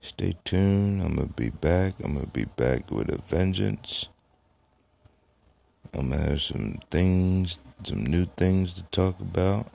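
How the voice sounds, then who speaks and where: A man's voice: deep voice, slow pace, gravelly, dark tone. A man hosting his own podcast, talking in a loose, rambling, profane way with lots of fillers. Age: adult, has a daughter. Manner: rambling, profane, laid-back. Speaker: podcast host. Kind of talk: casual solo podcast talk.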